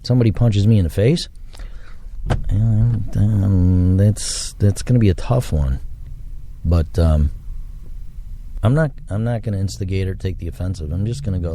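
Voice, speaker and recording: A man's voice: fairly low pitch, a little slow, pauses often, mellow, slight background noise. A man hosting a solo podcast, talking in a rambling, reflective way with religious touches. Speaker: podcast host. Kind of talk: solo casual monologue.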